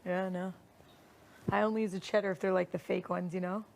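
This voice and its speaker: A woman's voice: fairly low pitch, level tone, brisk, vocal fry, a little mellow. A woman chatting casually in a reality show house, laughing often, on a clip-on mic. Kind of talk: casual chat.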